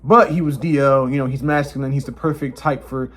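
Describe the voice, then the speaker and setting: A man vlogging casually, telling a personal story and acting out the quotes in higher voices. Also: steady tone, fairly quick, slight background noise.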